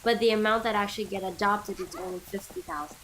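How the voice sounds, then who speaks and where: A woman's voice: medium pitch, fairly even intonation, quick pace, fairly bright tone, slight background noise, low-quality recording. Earnest rambling woman co-hosting a game. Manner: earnest, rambling with many fillers. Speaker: co-host playing a video game. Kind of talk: casual chat while gaming.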